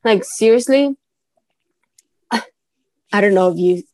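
A woman co-hosting a casual book podcast, gushing and giggly as she talks through a read. Her voice is mid-pitched and recorded close and dry. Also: slow, no room sound. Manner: gushing, giggly, animated reviewer. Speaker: podcast co-host.

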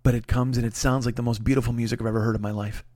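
A podcast host, a man, telling a comic personal story in a profane, animated way, dropping to a hush for re-enactments and rising in exasperation. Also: medium pitch, rapid-fire, dry recording. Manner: profane, animated, swings between hushed re-enactment and loud exasperation.

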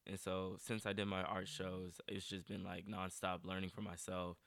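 A man's voice: sits low, flat delivery, moderate pace, a bit bright, no room sound. Young guy talking earnestly, kinda emotional, says like a lot, dry close sound. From North Carolina. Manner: earnest, emotional, heavy use of "like". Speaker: guest artist. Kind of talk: casual interview chat.

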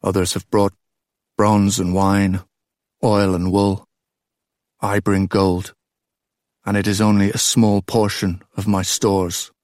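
A man's voice: on the low side, flat delivery, slow, long pauses, darkish tone, no echo, clean studio sound. A man voicing a boastful, proud middle-aged king who speaks bluntly.

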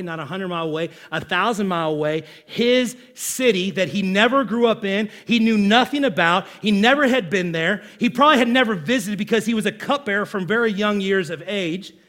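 Animated high-voiced male preacher. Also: a little fast, few pauses. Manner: animated, conversational, asks the room questions. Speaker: pastor. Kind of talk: sermon.

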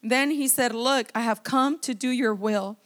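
A woman pastor preaching at a church service in a high, bright-toned voice. She reads scripture aloud with fervor and stops often to add her own exclamations of praise. Her delivery is heartfelt, in the manner of a sermon. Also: measured pace.

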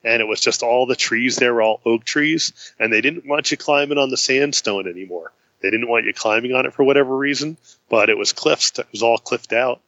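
A man casually telling a road-trip story in a chat, acting out the voices of the people he met with big jumps in pitch. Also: fairly quick, bright, forceful tone, no room sound, dull audio. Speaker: guest.

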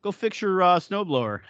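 A man's voice: high-pitched, sharp tone, no echo, lo-fi sound. A middle-aged man co-hosting a podcast in casual chat, blunt and profane, often laughing. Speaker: podcast co-host.

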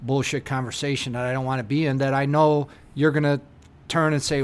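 A man's voice: mid-range voice, level tone, brisk, smooth. A man co-hosting a casual podcast, ranting heatedly and swearing a lot, acting out little exchanges in raised voices. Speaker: podcast co-host.

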